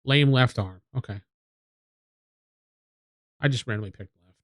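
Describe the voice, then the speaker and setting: A man's voice: medium pitch, measured pace, no echo, studio quality. A man playing a tabletop game with a friend, thinking aloud as he works out rulings. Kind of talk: casual tabletop game play.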